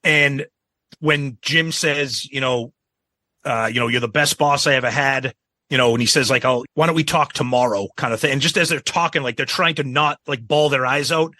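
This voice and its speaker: Bright-voiced male podcast co-host. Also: medium pitch, normal speed, dry recording. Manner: enthusiastic, frequent agreeing "yep". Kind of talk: casual chat.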